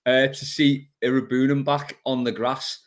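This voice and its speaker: An easygoing man hosts a fan podcast and reads listener questions aloud. His pitch is ordinary and his tone is chatty. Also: flat delivery, normal speed. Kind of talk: casual football chat.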